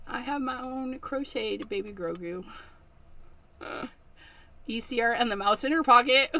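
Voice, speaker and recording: A middle-aged woman hosting a casual craft livestream, chatty and quick to laugh. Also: a little high, bright, forceful tone.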